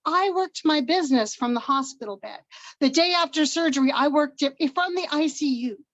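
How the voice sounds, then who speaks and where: A woman's voice: sits high, normal speed, no room sound, muffled recording. An older woman from Washington State giving an upbeat, emotional personal testimony on a video call. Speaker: guest presenter.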